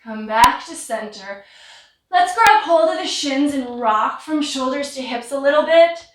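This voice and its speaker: A woman leading a guided yoga class from home, giving relaxed, encouraging cues while slightly out of breath. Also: sits high, a little slow. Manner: relaxed, encouraging cues with light self-deprecation. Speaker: yoga instructor. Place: home practice room. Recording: roomy sound from a distant mic.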